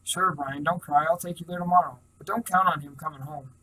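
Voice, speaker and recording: A man reading the lines of a calm, easygoing teenage boy in a story, in his own plain voice. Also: fairly high pitch, brisk, low-quality recording. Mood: easy.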